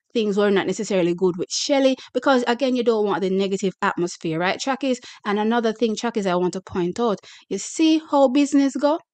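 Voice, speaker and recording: A woman's voice: medium pitch, darkish tone, no echo. A young adult woman with a Jamaican accent hosts a track-and-field channel, hyping the news and reading a press release aloud with chatty asides. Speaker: sports channel host.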